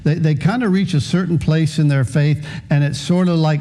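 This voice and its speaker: A man in his fifties preaching a sermon as pastor, with a halting delivery full of repeated words. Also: a little high, steady tone, mellow.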